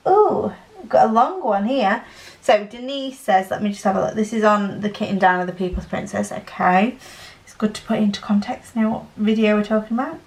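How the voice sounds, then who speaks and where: A woman's voice: medium pitch, darkish tone, reverberant, poor audio. A young woman with a Yorkshire accent, chatting casually and rambling with lots of fillers while she works on a craft project for her channel. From Northern England. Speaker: diamond painting channel host.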